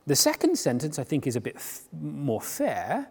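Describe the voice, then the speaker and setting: A man preaching a sermon in a conversational, animated way, often restarting his sentences as he retells a story. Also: on the high side, moderate pace, vocal fry, husky. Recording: long hall reverb.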